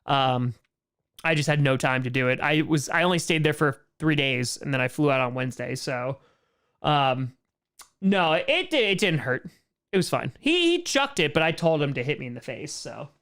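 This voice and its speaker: A man's voice: on the high side, sing-song, normal speed, fairly bright tone, smooth. A man hosting a casual livestream Q&A, answering chat questions in a rambling way, full of "like" fillers and blunt opinions. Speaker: streamer host answering chat.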